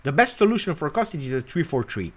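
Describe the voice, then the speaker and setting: A man hosting a casual football talk show, animated and teasing, jumping between loud bursts and quiet mutters. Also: a little high, fast, breathy edge. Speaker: football channel host. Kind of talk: casual live commentary.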